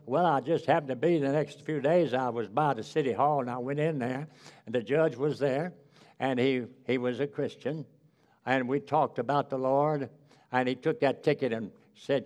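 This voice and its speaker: A man's voice: mid-range voice, normal speed, a little mellow. A male preacher giving a fervent sermon with personal stories, calling out hallelujah and drawing out key words.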